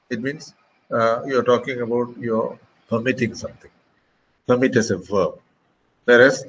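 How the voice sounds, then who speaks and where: Man lecturing slowly, checking in often. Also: medium pitch, a bit bright, a little hiss or hum, low-quality recording. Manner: slow, deliberate, frequent "okay" and "uh". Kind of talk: classroom lecture.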